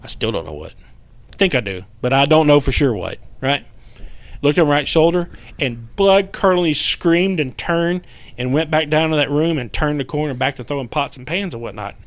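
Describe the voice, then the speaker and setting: A man, a paranormal investigator guest telling a story in casual podcast chat, animated and profane, acting out what people said. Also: on the high side, normal speed, no echo.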